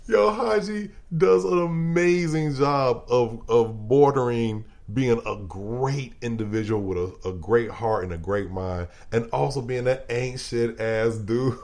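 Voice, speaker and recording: A man's voice: mid-range voice, measured pace, few pauses, darkish tone. A man talking as a podcast guest in loose, emphatic casual chat, swearing freely and laughing often.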